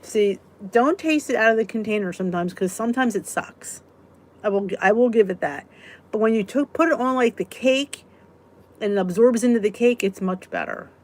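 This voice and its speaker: A woman's voice: on the high side, moderate pace. Giggly chatty woman hosting a live chat. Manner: giggly, chatty, answers comments as they come. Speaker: weight-loss vlog host. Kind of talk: casual live chat answering viewers.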